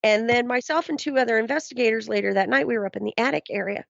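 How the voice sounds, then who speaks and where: A woman's voice: on the high side, fast, gravelly, no room sound. A woman guest telling a paranormal story in casual chat, rambling and full of "um" and "you know". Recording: dull, dry lo-fi sound.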